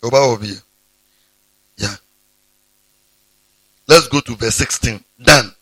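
A pastor preaching a sermon, breaking into sudden high exclamations. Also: male voice, slow pace, sharp tone, breathy edge, dry recording.

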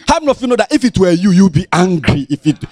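A man with a Ghanaian accent preaches to children in a high voice that swoops up and down all the time. His delivery is sing-song and playful, teasing the listeners as he goes. The sound is close and dry. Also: very animated, quick pace, darkish tone, no room sound. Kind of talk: lively Bible lesson for children.

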